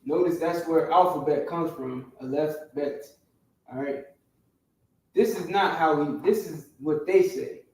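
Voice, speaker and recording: Speaking a little slowly in a slightly high voice, a man lectures his class and frequently pauses to check that everyone understands. He sits distant from the microphone in a strongly echoing classroom.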